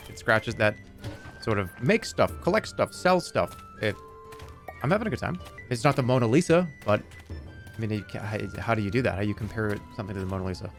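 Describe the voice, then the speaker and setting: Man, streamer, casual joking chat, very lively pitch, faint background music. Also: a little fast. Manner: animated, joking, answers chat.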